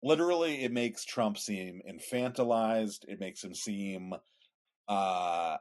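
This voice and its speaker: Low-voiced man in opinionated chat. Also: slow pace. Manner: opinionated, rambling explanations. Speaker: podcast co-host. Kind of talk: casual political chat.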